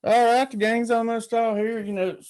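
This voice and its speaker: Mellow-voiced folksy male host. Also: very high voice, flat delivery, normal speed, clear, resonant tone. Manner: folksy, rambling, greets viewers by name. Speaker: podcast host. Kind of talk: casual live-stream chat.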